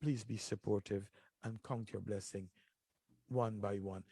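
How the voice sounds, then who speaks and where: A man's voice: lowish voice, steady tone, unhurried, warm tone, breathy edge, dry recording, low-quality recording. A middle-aged man hosting a talk show, giving earnest, repetitive advice with many filler ums. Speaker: radio show host.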